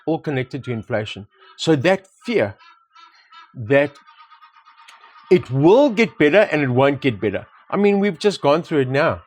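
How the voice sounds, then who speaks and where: A man's voice: a little high, sing-song, unhurried, pauses often, a little mellow. A man co-hosting a property discussion, talking casually and reflectively, telling anecdotes and repeating words for emphasis. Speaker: property market co-host. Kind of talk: casual conversation.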